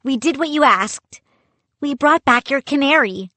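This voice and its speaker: A woman voicing an eager, panicky young kid who pleads in a high, urgent voice. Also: animated, measured pace, sharp tone, no echo, exaggerated voice. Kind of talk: audiobook character voice.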